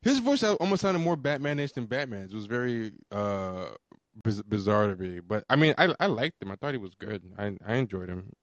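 A man's voice: fairly low pitch, expressive, moderate pace, dry recording, dull audio. A man in casual podcast chat, hesitant, stammering and trailing off. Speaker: podcast co-host.

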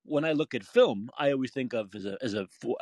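A man's voice: medium pitch, huge pitch swings, brisk, a little mellow, slightly rough, no echo. A man hosting a call-in podcast, talking in an emphatic, opinionated way, a former film critic. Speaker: podcast host. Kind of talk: casual call-in talk.

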